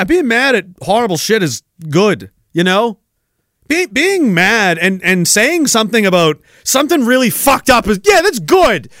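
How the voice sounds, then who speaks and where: A man with a high voice rants alone on his show, cursing freely and laughing at himself. He jumps from shouted outbursts down to low mutters. The sound is dry and close, with no echo. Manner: profane, laughing, swings between shouting and low mumbling. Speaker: podcast host. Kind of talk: ranting solo monologue.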